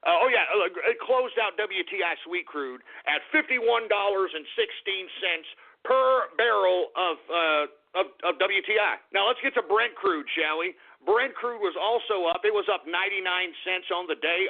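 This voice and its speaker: A man hosting a radio show, talking through market prices in an excitable, rambling way with lots of fillers. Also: high-pitched, normal speed. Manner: excitable, whoops and laughs, many fillers and restarts. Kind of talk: casual market commentary. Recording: tinny phone-like radio audio.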